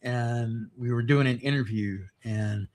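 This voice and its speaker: As a podcast guest in casual chat, a middle-aged man tells stories, rambling on and swearing heavily throughout. His voice is medium-pitched, a little mellow, and fairly even in intonation, and he takes his time.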